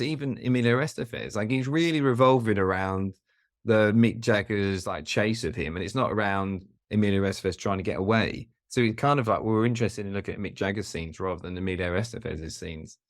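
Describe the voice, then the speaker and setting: A man's voice: fairly low pitch, fast talker, no echo, studio quality. A man co-hosting a casual film podcast, easygoing, often agreeing and chuckling. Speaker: podcast co-host.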